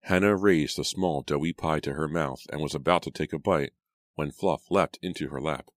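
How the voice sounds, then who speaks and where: A man narrating an audiobook in a steady, measured storytelling manner. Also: extremely low pitch, dry recording, studio quality. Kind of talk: scripted narration.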